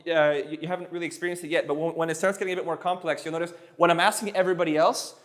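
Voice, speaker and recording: A man's voice: on the high side, fairly even intonation, very fast. A man teaching Spanish to a live class in a playful, joking way, drilling words over and over and stumbling on restarts.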